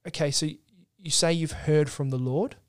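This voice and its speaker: A man co-hosting a podcast, talking through theology in an earnest, explanatory way. His voice sits a little high and comes across smooth and clear, with frequent restarts as he works out his points. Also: moderate pace. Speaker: podcast co-host. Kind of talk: casual theological discussion.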